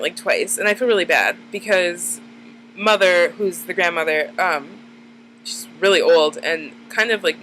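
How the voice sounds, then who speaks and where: A woman's voice: on the low side, bright, forceful tone, slight background noise, poor audio. A woman in her twenties, chatting casually to camera, rambling and full of "like" fillers. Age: 20s. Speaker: vlogger. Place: dim room at night.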